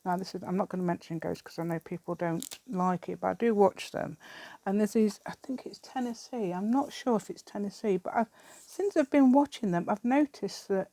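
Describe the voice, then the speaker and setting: Talking a little fast in a mellow, medium-pitched voice, this English craft vlogger in middle age chats rambly as she crafts, with frequent laughter. The recording is dry.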